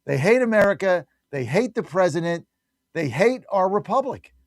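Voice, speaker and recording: High-voiced emphatic talk radio host man. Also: big pitch swings, moderate pace, no echo, clean studio sound. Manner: emphatic, repetitive, combative. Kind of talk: opinionated talk radio monologue.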